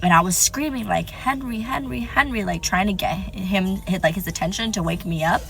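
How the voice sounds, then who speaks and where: A woman excitedly retelling a frightening experience in a casual, swearing clip. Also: fairly low pitch, brisk, creaky, poor audio. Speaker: social media creator.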